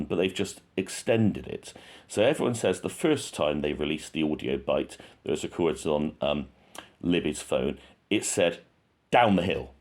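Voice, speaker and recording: Male true crime host, low register, conversational, restarts sentences as he thinks it through. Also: creaky, a little mellow. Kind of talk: casual true crime commentary.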